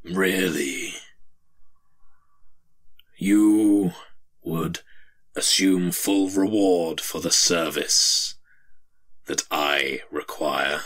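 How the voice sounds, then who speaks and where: A man voicing a huge menacing male dragon in a tabletop game, drawing his words out in slow, breathy threats. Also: deep voice, a bit bright, heavily acted.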